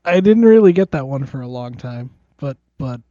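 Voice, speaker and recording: A man's voice: medium pitch, animated, brisk, mellow, no room sound. A man chatting casually as a podcast co-host, often laughing and agreeing in short replies. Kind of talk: casual chat. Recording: dry, dull lo-fi sound.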